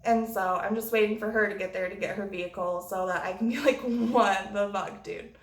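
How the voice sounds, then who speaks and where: A woman's voice: mid-range voice, steady tone, quick pace. A woman vlogger telling a story in a blunt, profane way. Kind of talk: storytime vlog. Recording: roomy echo.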